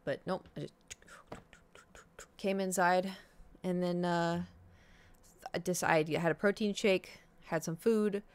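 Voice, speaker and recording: Animated, cursing streamer woman in her thirties. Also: fairly low pitch, takes it slowly, pauses often, smooth. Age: 30s. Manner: animated, profane, acts out her own reactions. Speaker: livestreamer. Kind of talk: casual storytelling chat to viewers.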